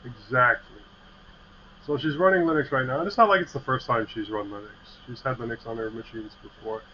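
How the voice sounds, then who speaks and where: A man's voice: mid-range voice, fairly quick. Rambling man with a dull mic. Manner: rambling, friendly, tech-minded. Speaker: podcast co-host. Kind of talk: casual livestream chat. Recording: slightly dull mic with faint hiss.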